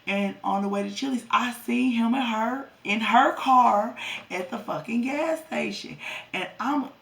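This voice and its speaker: Gravelly-voiced woman telling a storytime. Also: fairly high pitch, measured pace, a bit bright, distant mic. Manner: profane, blunt storytelling, talks to viewers as y'all. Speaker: vlogger. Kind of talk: storytime vlog.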